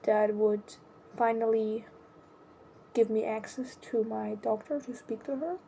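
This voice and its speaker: A young adult woman talking about her own life in a hesitant, halting way, often restarting her sentences. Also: on the high side, fairly even intonation, creaky, mellow, a little hiss or hum. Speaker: vlogger. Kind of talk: personal confessional monologue.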